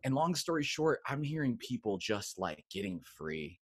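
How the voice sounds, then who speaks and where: Expressive storytelling man, dry close sound. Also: medium pitch, normal speed, husky, no echo. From United States. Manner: casual, expressive, acts out quotes with big swings. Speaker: guest, coach and former pastor. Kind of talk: animated storytelling in conversation.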